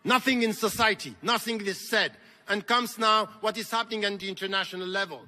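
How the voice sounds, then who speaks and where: A man's voice: high-pitched, a little fast, sharp tone, big-room sound. A man giving an impassioned convention speech, with emphatic, repetitive rhetoric. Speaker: convention keynote speaker. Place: large convention hall.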